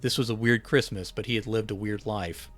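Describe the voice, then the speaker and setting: Low-voiced man reading his story. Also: a little fast, faint music behind. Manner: relaxed reading with small self-corrections.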